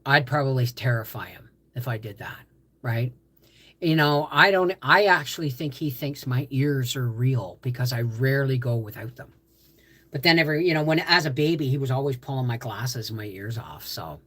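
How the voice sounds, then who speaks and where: A woman's voice: rumbling low, animated, moderate pace, fairly bright tone, husky. An older woman, hosting a livestream and chatting in a rambling, easygoing way as she answers viewer comments. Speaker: livestream host. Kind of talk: casual livestream chat.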